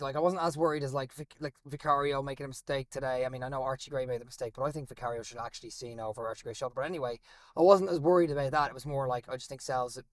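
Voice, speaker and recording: An Irish man talks at a brisk clip, his voice sitting a little high. He is chatty and quick to push back in a casual podcast conversation. The sound is close and dry, recorded in a van. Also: no room sound. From Ireland. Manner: talkative, quick to argue back. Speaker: podcast co-host. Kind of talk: casual chat. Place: inside a moving van.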